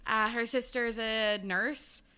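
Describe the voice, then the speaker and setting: Woman, podcast host, casual book recap, chatty, high-ish, smooth. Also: fairly even intonation, measured pace, bright, forceful tone. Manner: chatty, laughs often, swears casually.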